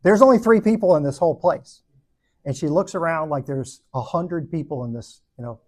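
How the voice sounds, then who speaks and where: A middle-aged man who teaches a Bible study, telling a story in a joking, animated way and acting out the quotes. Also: a little high, moderate pace, slightly rough. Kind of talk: storytelling talk to a group.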